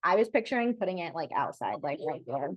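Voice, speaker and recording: A woman's voice: low-pitched, big pitch swings, fast, no echo. Chatty, upbeat woman with a dull, dry sound. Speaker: podcast host. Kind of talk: casual chat. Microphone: remote mic without its adapter.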